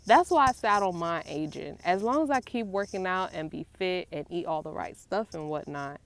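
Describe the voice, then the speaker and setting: A woman in her twenties chatting casually to camera as a vlogger, animated and playful, turning aside now and then to talk to her young son. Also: fairly low pitch, normal speed, gravelly. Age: 20s. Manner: animated, talks to her child while filming; playful, acts out grandkids and her mother.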